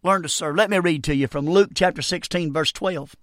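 Older guy preaching hard, high bright voice, keeps saying amen, dry close sound. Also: brisk, no room sound. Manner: fervent, repeats "Amen" often. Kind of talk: sermon.

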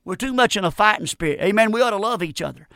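Male radio preacher, middle-aged, high bright voice, fervent, dry close sound. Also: expressive, fast talker, no room sound. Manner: fervent, repetitive, punctuated with amen. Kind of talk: radio sermon.

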